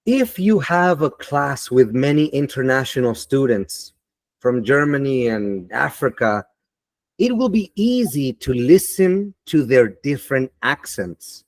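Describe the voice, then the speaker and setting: Slow, deliberate man giving a webinar. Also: mid-range voice, very animated, dry recording. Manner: deliberate, emphatic, motivational. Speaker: teacher and webinar speaker. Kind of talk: online teaching webinar.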